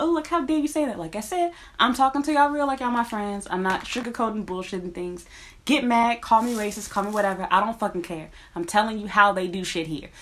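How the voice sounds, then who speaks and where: A woman talking casually to her viewers, blunt and profane, speaking as a teacher. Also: on the low side. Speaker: teacher in Japan. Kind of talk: casual vlog rant.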